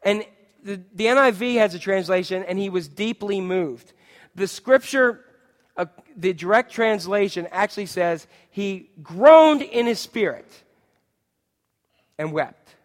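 Guy preaching a sermon, high voice, big echoey hall, goes loud then real quiet. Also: animated, unhurried. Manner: dynamic preaching, swinging from loud emphatic to hushed. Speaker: pastor.

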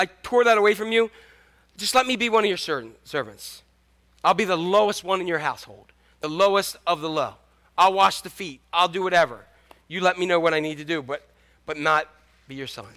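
A man's voice: high-pitched, bright, forceful tone. A man voicing an ashamed young prodigal son. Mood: pleading. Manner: halting, pleading, self-abasing.

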